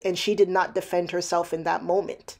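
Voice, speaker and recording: A woman's voice: lowish voice, little pitch movement, brisk, creaky, darkish tone. A woman giving sarcastic mock-detective commentary over clips, probing and building a case point by point. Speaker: commentary narrator.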